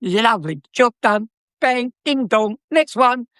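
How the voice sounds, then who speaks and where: A man's voice: extremely high pitch, expressive, takes it slowly, fairly bright tone, clear, resonant tone, no echo, studio quality. An older man with a South London accent, a former car dealer telling stories in a chatty, cheeky way with frequent laughs. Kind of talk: anecdotal storytelling.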